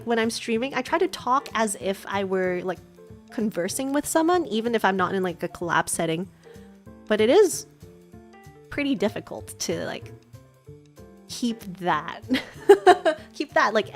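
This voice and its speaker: A woman's voice: mid-range voice, lively intonation, a little slow, long pauses, soft background music. A woman hosting a casual chat stream, rambling along with lots of "like" and restarting her sentences. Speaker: VTuber host.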